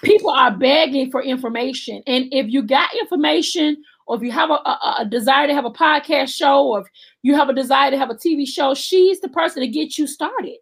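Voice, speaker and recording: High-voiced Southern woman host. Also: a little fast. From Alabama. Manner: expressive, faith-filled, acts out her own quotes. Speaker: show host. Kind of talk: casual interview chat.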